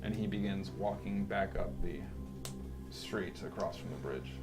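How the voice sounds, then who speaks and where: A man running a tabletop game as dungeon master, narrating in a relaxed, somewhat hesitant way. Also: sits low, unhurried, over music.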